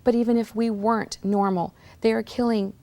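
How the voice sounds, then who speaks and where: A woman in her sixties, a guest telling her personal story in an interview, earnest and slowing into a breathy near-whisper on emotional words. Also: a little high, flat delivery, mellow.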